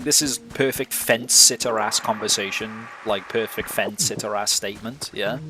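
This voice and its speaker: Profane, laughing male game streamer. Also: on the low side. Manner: profane, laughs often, thinks aloud. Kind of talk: casual gameplay chat. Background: game music.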